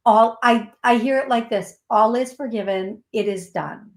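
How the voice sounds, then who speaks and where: Hosting a call-in psychic show, a woman with an Upper Midwest American accent speaks warmly, slowly and soothingly, calling people "love." She laughs at herself and gets giggly, her voice sits on the high side, and the room is echoey.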